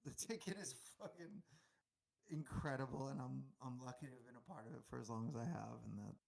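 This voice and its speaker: A man's voice: mid-range voice, a little fast, gravelly, darkish tone. A man co-hosting a casual talk show, rambling and swearing freely and putting himself down. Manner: profane, rambling, self-deprecating. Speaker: departing co-host. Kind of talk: casual podcast chat.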